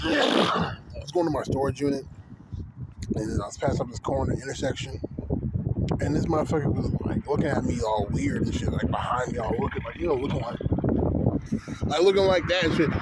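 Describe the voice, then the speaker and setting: Man ranting profanely over loud vehicle noise. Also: fairly high pitch. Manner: profane, rambling street storytelling, heavy filler words. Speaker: vlogger. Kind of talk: casual rant to camera. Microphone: phone camera.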